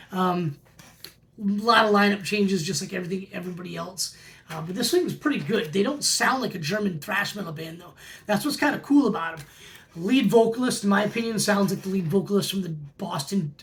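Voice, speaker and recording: Vlog host, forties, gravelly voice of middling pitch, keen and chatty. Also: fairly bright tone. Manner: enthusiastic, repeats praise words. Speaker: metal record collector host. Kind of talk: casual album review vlog.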